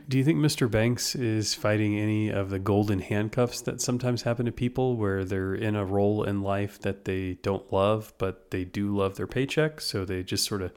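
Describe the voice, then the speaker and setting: A man co-hosting a podcast, talking in a relaxed, conversational way with some hesitations. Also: fairly low pitch. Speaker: podcast co-host. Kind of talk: casual chat.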